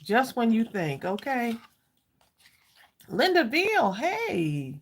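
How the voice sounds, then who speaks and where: A woman's voice: on the high side, huge pitch swings, extremely slow. A woman hosting a live crafting stream, chatting casually with viewers, greeting them by name and saying "y'all" a lot. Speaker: craft livestream host.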